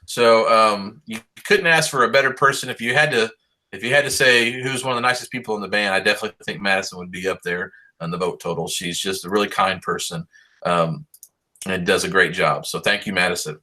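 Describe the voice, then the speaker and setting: Brisk and forceful, with a bright, fairly low-pitched voice, a middle-aged high school band director talks on a video call. He praises his seniors in an upbeat, meandering manner stuffed with fillers.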